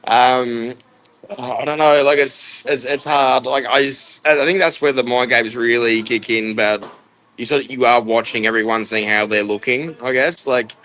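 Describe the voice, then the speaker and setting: A man's voice: mid-range voice, steady tone, moderate pace, a bit bright, poor audio. A man answering interview questions in a hesitant, laid-back way. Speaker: competitive chilli eater.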